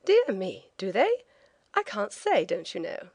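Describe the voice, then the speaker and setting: A woman's voice: mid-range voice, wildly swooping pitch, unhurried, gravelly, darkish tone, husky, no echo, full character voice. A woman voicing a pompous upper-class Englishman who exclaims in a prim, fussy manner.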